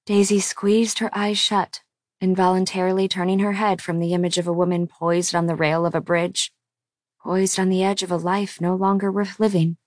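A woman narrating an audiobook in a calm, even storytelling voice. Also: lowish voice, moderate pace, dry recording, studio quality.

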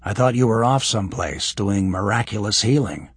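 A man's voice: on the low side, moderate pace, husky, dry recording. A man voicing an easygoing, curious young man in an audiobook, asking casual questions.

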